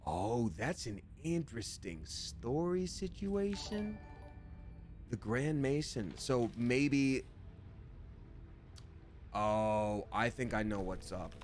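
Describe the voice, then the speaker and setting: Chatty male streamer with lively pitch. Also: slow pace, long pauses, faint music behind. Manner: chatty, playful, jumps into silly voices. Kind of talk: casual livestream gaming commentary.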